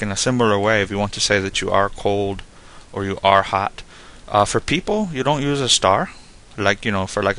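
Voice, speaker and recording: Gravelly low-voiced man explaining casually. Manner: relaxed, rambling explanations full of "like" and "you know". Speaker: Spanish tutor. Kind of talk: casual spoken lesson.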